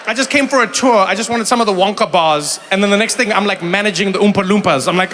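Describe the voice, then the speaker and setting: A South African stand-up comedian with a high, bright voice does crowd work before a live audience in a large venue. He tells animated stories, chats with the audience, and drops into quick impressions of other people, with long reverb and faint room noise in the background.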